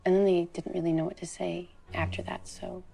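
An earnest teenage girl recounts a quarrel with her parents in a slightly gravelly voice. Clear music plays under the dialogue of this film clip. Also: on the low side, little pitch movement, a little fast, dark tone. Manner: earnest, recounting quoted talk. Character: teenage girl confiding in her older boyfriend.

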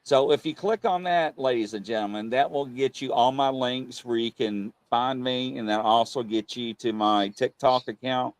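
A man's voice: medium pitch, moderate pace, hardly any pauses, dry recording. A man with a Birmingham accent hosting a casual livestream chat, rambling and repeating himself often. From England. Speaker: host.

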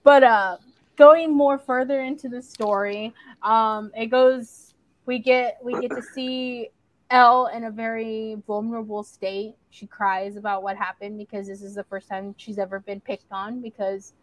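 A young woman chats through a series recap with a slightly high voice, swearing casually as she goes. The sound is close and dry, with no room echo. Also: unhurried. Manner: chatty, swears casually, lively storytelling. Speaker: podcast co-host.

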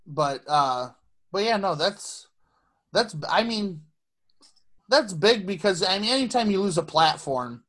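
Brief: male podcast co-host, high pitch, rambling and profane, loose casual chat. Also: expressive, unhurried, a bit bright. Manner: rambling, swears freely, frequent restarts.

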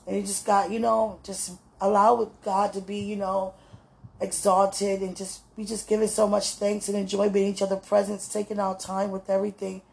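A woman, talking warmly and laughing as she gushes to her fiancé in a casual, heartfelt message. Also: medium pitch, level tone, normal speed, creaky. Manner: affectionate, laughing, gushing, religious.

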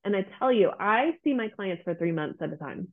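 A woman's voice: medium pitch, expressive, a little fast. A woman guest, a therapist, speaking earnestly in casual interview talk and acting out her clients' voices. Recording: tinny phone-like line.

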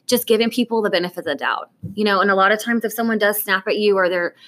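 A middle-aged woman talks quickly and animatedly in a casual conversation. She recalls her years as a teacher and administrator and acts out the quotes in her stories. Her pitch sits in an ordinary middle range. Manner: animated, fast storytelling with acted-out quotes. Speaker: podcast co-host, former teacher and administrator.

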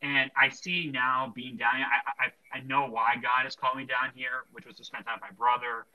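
A man's voice: medium pitch, flat delivery, normal speed, sharp tone, rough recording. A young man hosting a casual Christian podcast, talking earnestly and rambling with lots of fillers and restarts. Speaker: podcast host.

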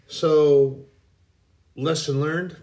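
A man giving a casual devotional talk in a folksy, rambling way, with many pauses and restarts. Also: fairly high pitch, fairly even intonation, a little mellow. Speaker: Christian speaker.

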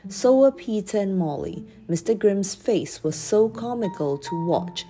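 A woman narrating a children's audiobook with a gentle, expressive reading. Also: mid-range voice, measured pace. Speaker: storyteller.

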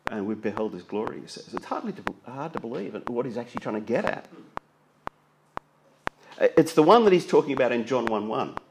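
Animated male preacher. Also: mid-range voice, a little fast, pauses often, a little hiss or hum, poor audio. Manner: expressive preaching, reading scripture aloud with commentary. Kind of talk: sermon.

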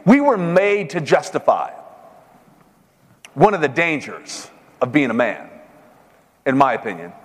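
A man's voice: medium pitch, sing-song, a little slow, pauses often. A middle-aged man giving a folksy, joking sermon-style talk at a men's seminar. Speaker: seminar speaker. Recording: long hall reverb.

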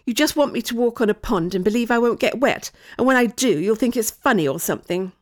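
A woman voicing an anxious young girl who is quick to suspect a trick and pleads when upset. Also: medium pitch, big pitch swings. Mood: suspicious.

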